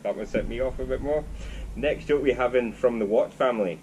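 A man's voice: medium pitch, fairly quick, darkish tone, slight background noise. A man hosting a casual interview, cheerful and joking as he reads out questions and runs a game. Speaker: host.

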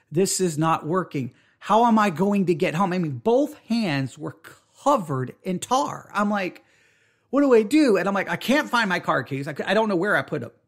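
A middle-aged man casually telling a personal story, animated, acting out his own panicked exclamations and often stammering into restarts. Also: high-pitched.

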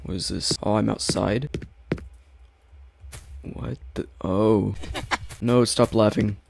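A man's voice: lowish voice, fairly even intonation, slow, gravelly, a little mellow, slight background noise. A man commentating a horror game, talking in a rambling, jumpy way and yelping when startled. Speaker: gaming YouTuber.

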